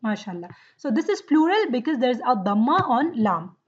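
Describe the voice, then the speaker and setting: High-voiced woman teaching Arabic grammar. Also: very animated, brisk, dull audio. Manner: explains patiently, checks understanding often. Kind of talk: online class lesson.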